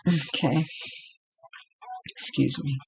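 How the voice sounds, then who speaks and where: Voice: mid-range voice, slow pace, gravelly, darkish tone, a little hiss or hum, low-quality recording. A tarot reader from Los Angeles giving a casual, rambling reading to viewers and laughing often.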